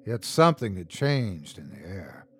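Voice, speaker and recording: A man reading a horror story aloud as host and narrator, tense and dramatic, shouting out the characters' lines. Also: low-pitched, very animated, unhurried, husky, no room sound.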